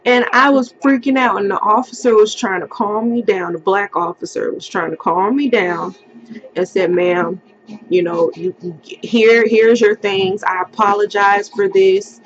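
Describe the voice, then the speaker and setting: A woman's voice: fairly even intonation, measured pace, highs cut off. Young woman telling an emotional storytime. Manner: emotional storytelling, acts out quotes in a high crying voice. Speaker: vlogger. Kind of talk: storytime vlog.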